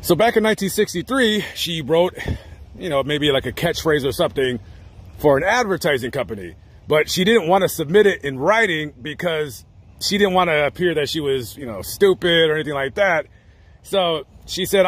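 A man with a husky, slightly rough voice tells a story outdoors at a graveside. He rambles and chats casually, dropping joking asides as he goes. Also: a little high, expressive, normal speed, a bit bright. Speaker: vlogger. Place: outdoors at a cemetery.

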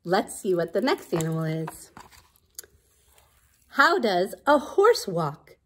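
A woman's voice: on the low side, sing-song, takes it slowly, pauses often, breathy edge. A young woman teacher reading a picture book aloud to preschoolers in a playful, sing-song way, stretching out the sound words. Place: outdoors for the movement part.

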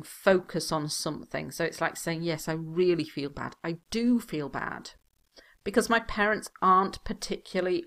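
Woman teaching, lower voice. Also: a bit bright. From United Kingdom. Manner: clear, explanatory, stresses key words. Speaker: English exam teacher. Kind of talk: recorded language lesson.

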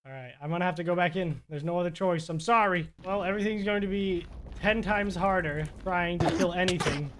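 A young man giving excitable live commentary while playing a video game, muttering one moment and yelling the next. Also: high-pitched, brisk, hardly any pauses, a little hiss or hum. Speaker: gaming YouTuber.

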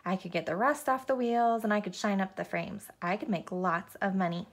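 A woman's voice: mid-range voice, moderate pace, lightly acted. A woman voicing a young boy who is eager to earn money, read aloud in a plain storybook manner.

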